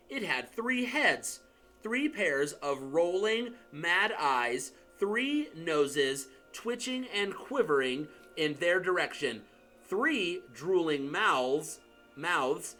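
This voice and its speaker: A man narrating an audiobook in an expressive, dramatic storytelling manner. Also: on the high side. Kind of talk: audiobook reading.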